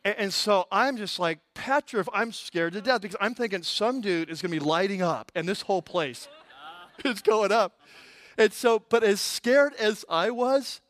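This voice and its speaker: A high-pitched male pastor delivers a sermon in a lively, comic storytelling manner. His voice is close and dry, with no echo around it. He leans into the punchlines with animated energy. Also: moderate pace.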